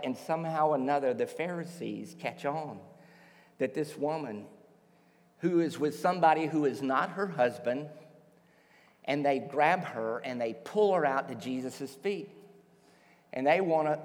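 A man preaching a sermon, telling a story with lively acted-out voices as a pastor. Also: fairly high pitch, in a large hall. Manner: animated storytelling, acts out voices.

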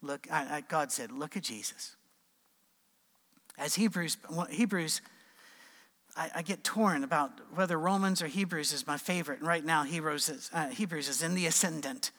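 A man preaching an informal sermon, conversational with animated asides and acted quotes. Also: on the high side, moderate pace, in a large hall.

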